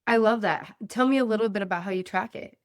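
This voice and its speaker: A woman hosts a casual podcast interview and asks her questions at a quick clip. She often laughs along with her guest. Her voice sits at a middle pitch and sounds dry and close. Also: no room sound. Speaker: podcast host.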